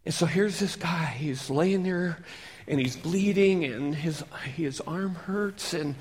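A male preacher tells a Bible story like a children's lesson, throwing questions to the listeners. His voice sits high with a gravelly grain and a lively, interactive delivery. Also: measured pace. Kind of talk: storytelling sermon.

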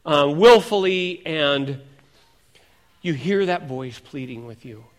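A male pastor preaching a sermon in a lively way, asking his congregation questions. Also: fairly high pitch, slow. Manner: animated, asks the congregation questions.

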